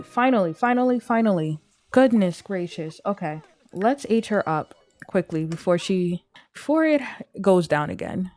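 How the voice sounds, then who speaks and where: Gameplay narrator, young woman, chatty, plays out her characters' thoughts, faint music under the voice. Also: medium pitch. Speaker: gameplay streamer. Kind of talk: casual let's-play commentary.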